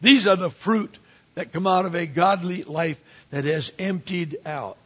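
A man who is a pastor, preaching a sermon with animated swings from quiet asides to emphatic rises. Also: high voice, a little slow, husky, highs cut off.

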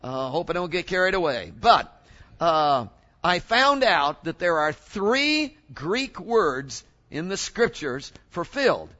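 A man preaching a sermon in an animated way, often exclaiming and asking the congregation questions. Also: on the high side, slow pace, lo-fi sound.

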